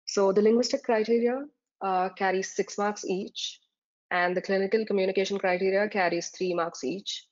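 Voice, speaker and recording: A woman exam tutor talks at a moderate pace in a medium-pitched, fairly even voice. Her slide-based lecture explains terms step by step, peppered with "uh" fillers, on a dull lo-fi recording.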